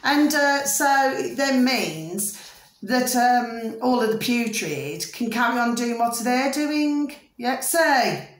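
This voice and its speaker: A middle-aged British vlogger talks slowly and expressively on the high side, her voice echoing around the room. Rambling and chatty in her casual monologue to camera, she repeats "ding ding" and "do you see what I mean?" to make sure viewers follow.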